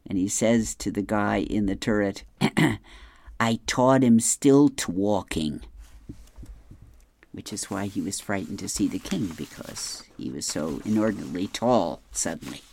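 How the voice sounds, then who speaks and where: A man reading an advice column and newspaper comics aloud, explaining the jokes in a gentle, chuckling way. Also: lowish voice, normal speed, vocal fry, slight background noise.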